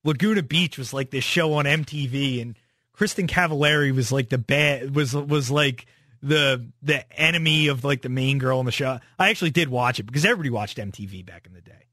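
A man's voice: mid-range voice, brisk, pushed and bright, no room sound, studio quality. A young man hosting a sports talk radio show, casual and opinionated, rambling through his takes.

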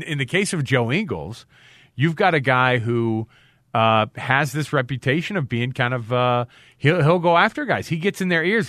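Guy hosting sports talk, kinda high voice, dry studio sound, rambles and restarts. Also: a bit bright, no echo. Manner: rambling, restarts and quotes players. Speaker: sports radio host.

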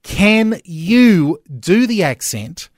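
A man's voice: high voice, animated, dry recording, studio quality. A man hosting breakfast radio, chatty and joking with his co-host. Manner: chatty, joking, quick to laugh. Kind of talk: upbeat radio banter. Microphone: studio microphone.

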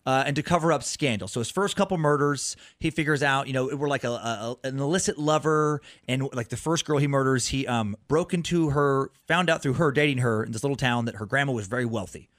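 A comedian and podcaster guest telling a story in a rambling way, restarting and repeating words. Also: male voice, mid-range voice, brisk, hardly any pauses, fairly bright tone, no echo, clean studio sound. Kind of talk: animated true-crime storytelling.

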